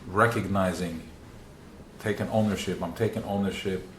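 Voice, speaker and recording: A man's voice: deep voice, fairly even intonation, normal speed, a bit bright, a little hiss or hum. A man leading a live religious class, earnest and repetitive, often acting out inner voices. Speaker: teacher. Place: room with a small group. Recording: roomy live recording.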